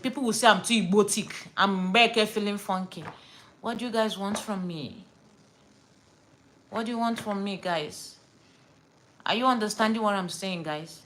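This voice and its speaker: A woman's voice: medium pitch, fairly bright tone, slight background noise, rough recording. A woman from Nigeria with a Nigerian accent, telling a story and ranting to camera in a casual vlog, stressing points by repeating words and slipping into Pidgin. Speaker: vlogger.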